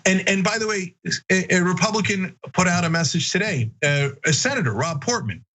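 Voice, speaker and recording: A man hosts a political talk show with a slightly high voice. He argues his points emphatically and now and then breaks into mocking shouts. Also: expressive, brisk, rough recording. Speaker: political commentary host. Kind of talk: opinionated political commentary.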